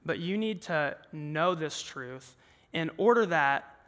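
A young man preaches in a high, bright voice, talking to the room in an earnest, conversational way. His voice rings out with a long reverb from the large hall around him. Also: animated, takes it slowly. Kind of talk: sermon. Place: large worship room with an audience.

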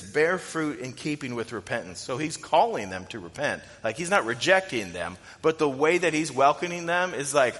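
A man preaching a sermon as pastor, animated and jumping into loud, high-pitched bursts when acting out quotes. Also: moderate pace, few pauses, in a large hall.

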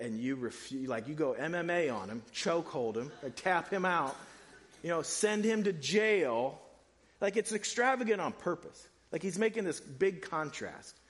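A man preaching a sermon in a casual, animated way, using slang. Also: fairly high pitch, big-room sound. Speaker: pastor.

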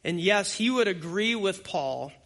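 A male pastor preaches with a bright, forceful tone and a voice that sits a little high for a man. He talks conversationally and hits his points hard. He speaks straight to the people in front of him. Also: expressive, measured pace. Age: adult with young children. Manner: conversational, emphatic preaching that addresses the congregation directly. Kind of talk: expository sermon.

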